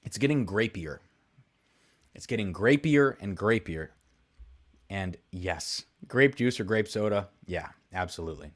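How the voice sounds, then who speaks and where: Rambling low-voiced man tasting whiskey live. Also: expressive, measured pace. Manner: rambling, self-deprecating, thinks aloud with many fillers. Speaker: whiskey livestream host. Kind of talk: casual live-stream chat.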